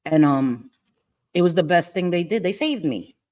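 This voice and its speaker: A woman's voice: fairly low pitch, expressive, normal speed, darkish tone. Woman, middle-aged, crying, apologetic, repeats phrases, livestream host. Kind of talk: emotional personal livestream.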